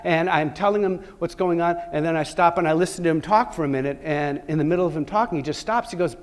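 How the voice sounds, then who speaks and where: A middle-aged man giving a keynote talk to a live audience, telling a personal story in an animated way, with sudden loud bursts and soft asides. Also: on the high side, fast, hardly any pauses. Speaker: keynote speaker.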